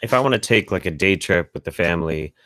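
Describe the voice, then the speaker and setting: A man's voice: sits low, expressive, fast talker, fairly bright tone, no room sound. An American man hosting a casual streamed chat, rambling loosely and swearing freely, with lots of restarts. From United States. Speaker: host.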